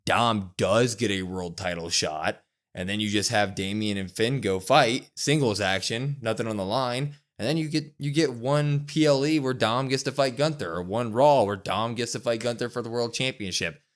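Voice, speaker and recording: Speaking in a mid-range voice at a moderate pace, a man co-hosts a wrestling podcast. His casual recap of the show is animated, complete with impressions of what people said.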